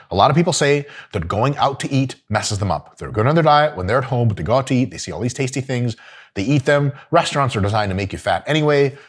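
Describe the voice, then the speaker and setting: A man in middle age gives diet advice in a blunt, profane, comedic way. He swings between deadpan asides and bursts of mock outrage as he riffs. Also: mid-range voice. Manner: brash, swearing, jokey, swings into mock outrage. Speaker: host.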